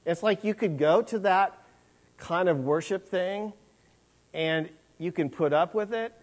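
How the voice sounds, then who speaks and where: A man's voice: high-pitched, a little slow. A man preaching a sermon in a conversational, rambling way, with many fillers and restarts.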